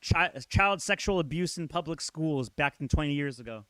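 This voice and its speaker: A man's voice: a little high, lively intonation, moderate pace, a loud crowd. A man streaming live, ranting casually with a profane, sing-song, exasperated delivery. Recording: hip hop music playing behind. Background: hip hop music.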